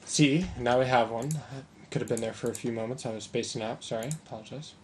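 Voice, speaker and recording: A man's voice: mid-range voice, steady tone, fast talker, a little mellow, a little hiss or hum. A man casually commenting on a strategy game as he plays, thinking aloud with mild sarcasm. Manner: musing aloud, mildly sarcastic. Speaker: gameplay commentator.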